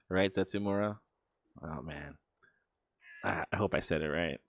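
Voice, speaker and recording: A man's voice: low voice, fairly bright tone, no echo, studio quality. A man casually telling a ghost story while streaming, swearing often and stumbling into restarts. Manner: profane, halting, many stammered restarts.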